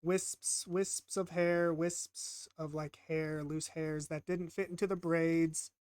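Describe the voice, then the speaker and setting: A man's voice: fairly high pitch, little pitch movement, slow, a little mellow, smooth, no echo. A man casually narrating while he draws, rambling and self-deprecating, often stammering and repeating himself. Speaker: art vlogger.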